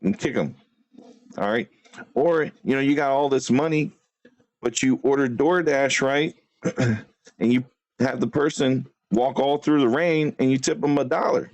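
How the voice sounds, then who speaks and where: A man's voice: mid-range voice, a little slow, darkish tone, no echo, lo-fi sound. A man hosting a livestream, talking casually and brashly to chat, trash-talking a rival and laughing often. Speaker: livestream host.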